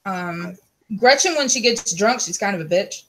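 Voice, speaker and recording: Brief: woman in casual chat, middle pitch, quick asides. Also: animated, a little hiss or hum.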